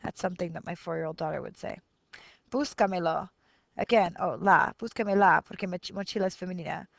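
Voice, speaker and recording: A woman's voice: lowish voice, fairly quick, creaky. A woman in her thirties teaching a grammar lesson on video, explaining patiently and counting syllables aloud as she thinks through each example. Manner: switches between Spanish and English explanations, counting syllables aloud. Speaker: Spanish teacher.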